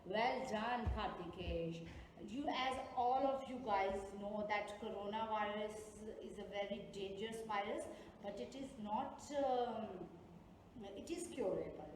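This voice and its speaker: A woman teaching young children over a video call, speaking with a South Asian English accent, encouraging them and repeating her questions slowly. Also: mid-range voice. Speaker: online class teacher. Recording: echoey roomy video-call audio, faint noise.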